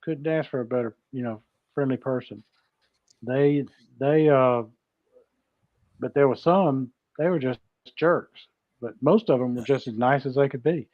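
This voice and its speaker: A man talking easily in a casual chat, quick to laugh. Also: medium pitch, no echo, highs cut off.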